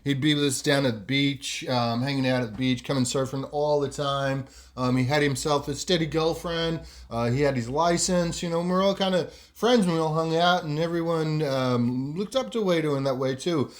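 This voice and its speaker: A man's voice: on the high side, moderate pace, hardly any pauses. A man casually telling a story on a podcast, rambling with lots of ums and asides. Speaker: podcast host.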